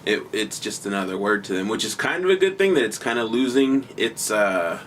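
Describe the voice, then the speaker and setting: A man's voice: fairly low pitch, very animated, a little fast, a bit bright, distant mic, slight background noise. A man on a podcast chatting casually, rambling with lots of "like" and "um" and some swearing. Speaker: podcast co-host. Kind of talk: casual chat.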